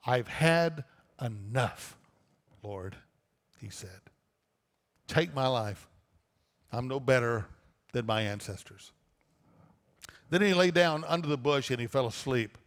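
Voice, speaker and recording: A man's voice: mid-range voice, fairly bright tone, in a large hall. Man preaching a sermon. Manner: reads the passage aloud, then comments with rhetorical questions. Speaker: pastor. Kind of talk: sermon reading and explaining scripture.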